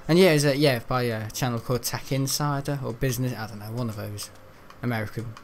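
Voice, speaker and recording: A man's voice: medium pitch, fairly even intonation, fast, slight background noise. A teenage young man giving rambling, chatty let's-play commentary while he plays, often laughing. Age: teens. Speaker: gaming video host.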